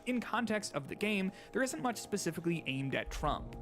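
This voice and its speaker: A man's voice: high voice, sing-song, moderate pace, fairly bright tone. Man narrating over faint music. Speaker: narrator of a clip being reacted to. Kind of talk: scripted narration.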